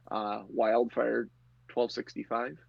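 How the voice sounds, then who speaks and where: A man narrating a tabletop game as game master, relaxed and chatty. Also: medium pitch, takes it slowly, gravelly, slightly rough, no echo. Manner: relaxed, chatty, laughs easily. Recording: lo-fi muffled audio.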